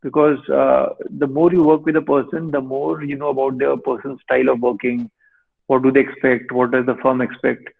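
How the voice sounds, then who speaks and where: Gravelly lawyer on a tinny call line. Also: male voice, medium pitch, little pitch movement. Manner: measured, advisory. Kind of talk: webinar answer. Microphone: video call. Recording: tinny online call audio.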